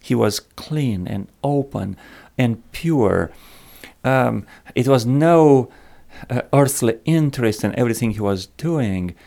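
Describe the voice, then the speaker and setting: A man talking slowly and reflectively about a Bible passage, pausing often with fillers. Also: medium pitch, vocal fry, mellow. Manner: slow and reflective, many pauses and fillers. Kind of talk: Bible study discussion.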